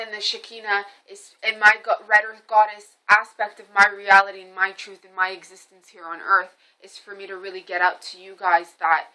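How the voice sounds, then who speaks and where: A woman speaks in a casual, rambling monologue as a spiritual reader with her own channel. Her voice is bright and sharp, with an animated delivery. She circles back often and fills gaps with small fillers. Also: mid-range voice, poor audio.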